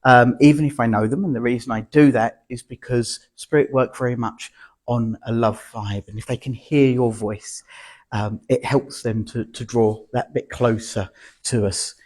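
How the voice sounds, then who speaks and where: Husky man leading a mediumship evening. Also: mid-range voice, steady tone, moderate pace, a little mellow. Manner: chatty, self-deprecating, many ums. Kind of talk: platform mediumship demonstration. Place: spiritualist church hall.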